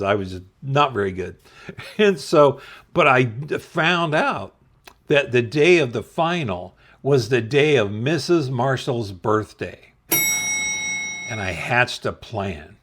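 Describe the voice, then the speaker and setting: Man, middle-aged, unhurried delivery, chuckling, self-deprecating storyteller, casual vlog. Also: mid-range voice, fairly bright tone. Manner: slow, laughing, self-deprecating. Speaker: channel host telling a story.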